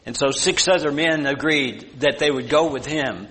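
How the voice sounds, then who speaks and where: A man's voice: on the high side, normal speed, few pauses, pushed and bright. A man preaching a sermon in a folksy, rambling way, telling a story with many asides. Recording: long hall reverb.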